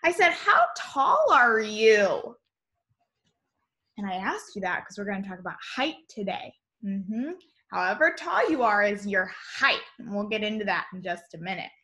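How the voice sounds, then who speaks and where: A woman teacher giving a cheerful online lesson to young children, spelling words out slowly in a sing-song voice over a computer mic. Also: mid-range voice, sing-song, bright, forceful tone. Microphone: computer mic on a video call.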